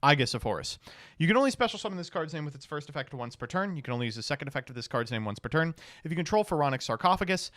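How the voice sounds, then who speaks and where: A streamer reading card text aloud in a casual review, stopping for blunt, swearing reactions. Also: male voice, a little high, expressive, very fast, a bit bright, no room sound, clean studio sound.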